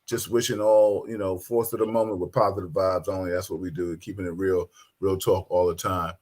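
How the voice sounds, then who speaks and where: Animated man hosting a talk show. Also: low-pitched, a little fast. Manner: animated storytelling, acts out quotes. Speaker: host. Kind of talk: casual podcast chat.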